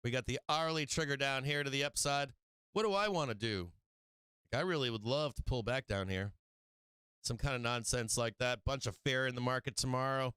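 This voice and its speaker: A man hosting a live stock market stream, walking through charts in a brash, excitable way with casual swearing. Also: medium pitch, normal speed, clear, resonant tone, no echo. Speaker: stock market show host.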